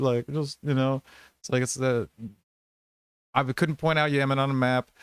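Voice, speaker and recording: Brief: man, mid pitch, heated profane rambling rant, dry close mic. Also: flat delivery, moderate pace, pauses often, clear, resonant tone, no room sound. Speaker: podcast host. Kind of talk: casual political chat.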